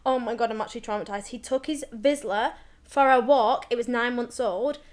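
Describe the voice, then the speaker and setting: A woman's voice: fairly high pitch, fairly quick. A woman co-hosting a podcast, chatting casually and acting out quotes as she tells a story. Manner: animated storytelling, acts out quotes. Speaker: podcast co-host. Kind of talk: casual chat.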